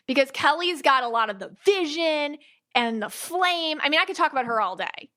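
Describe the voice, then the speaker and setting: A woman hosts a podcast in casual, chatty conversation. Her voice is bright and sits a little high. She talks animatedly and slips into quick impressions of what others say. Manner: chatty and animated, with many restarts and quoted asides. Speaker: podcast host. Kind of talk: casual chat.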